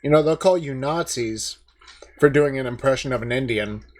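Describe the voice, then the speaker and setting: Male host, mid-pitched voice, casual ranting commentary, mocking tone, lots of uh-fillers. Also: moderate pace. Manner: mocking, indignant, filler-heavy.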